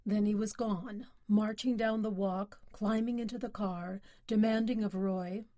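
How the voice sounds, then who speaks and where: A woman's voice: medium pitch, steady tone, unhurried, few pauses, warm tone, no room sound. Woman narrating a story, dry close sound. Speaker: audiobook narrator. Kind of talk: scripted narration.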